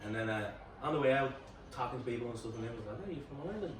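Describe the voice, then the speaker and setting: A man's voice: mid-range voice, fairly even intonation, rapid-fire, a crowd in the background. A man from Leeds co-hosting a podcast, telling a story in casual chat and swearing as he goes. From England (Leeds). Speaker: podcast co-host. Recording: echoey room, distant mic.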